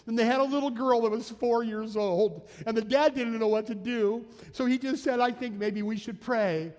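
A male pastor delivers a sermon in a church. He keeps it conversational and acts out quotes and asides. His voice sits high for a man, and a long reverb trails behind it in the sanctuary. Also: moderate pace, darkish tone.

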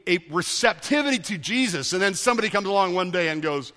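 A man delivers a sermon as pastor, his voice pitched high and ringing bright. He presses his points by repeating key words. A long reverb from the large hall trails each phrase. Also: animated, quick pace.

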